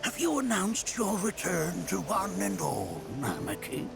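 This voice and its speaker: An actor voicing a wise, chuckling old male sage in a video game, speaking in a slow, kindly, grandfatherly way over game music. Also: high voice, wildly swooping pitch, full character voice. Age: older. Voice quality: gravelly, chuckling. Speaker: elderly scholar character in a video game.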